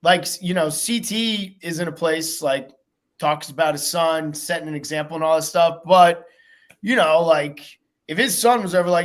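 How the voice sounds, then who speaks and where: A man hosting a casual podcast chat, talking in an animated, profane way and acting out quotes. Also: on the high side, normal speed. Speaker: podcast host.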